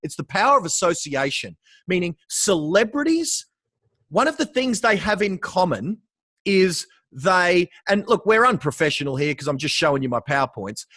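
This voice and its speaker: An Australian man in casual podcast chat as a guest real estate coach, animated, swearing casually and calling the host bro. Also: a little high, breathy edge, no room sound.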